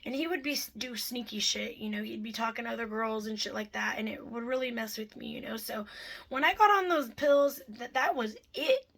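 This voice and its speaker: A woman's voice: on the high side, bright, forceful tone, low-quality recording. A woman telling her own life story to her viewers, frank and rambling, swearing freely and speaking straight to them. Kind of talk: candid personal storytime.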